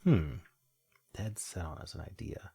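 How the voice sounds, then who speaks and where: Gravelly yet warm, his low voice has a breathy edge and an animated, measured delivery. This young man streams word puzzles, offering casual solo commentary and laughing at his own quips.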